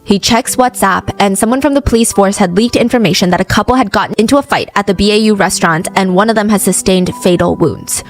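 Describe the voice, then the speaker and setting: A woman's voice: mid-range voice, quick pace, hardly any pauses, faint music behind, rough recording. A woman hosting a true crime show, retelling the case in a chatty, casual way and acting out quoted lines.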